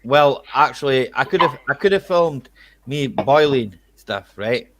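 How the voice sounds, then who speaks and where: A man's voice: medium pitch, expressive, measured pace. A Scottish man hosting a casual livestream chat, rambling and tagging his sentences with little questions. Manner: chatty, rambling, peppers talk with "eh?" and "right?".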